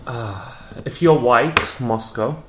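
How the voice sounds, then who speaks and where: A man talking as a podcast guest in casual chat, rambling and halting as he tells his story. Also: medium pitch, background noise. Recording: echoey room.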